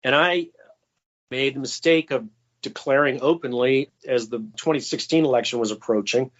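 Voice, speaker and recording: A man's voice: normal speed, dull audio. A man guest telling insider stories in an interview, with casual fillers and quoted asides. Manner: anecdotal, acts out quoted voices with raised pitch. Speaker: guest, former White House stenographer. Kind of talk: storytelling interview answers.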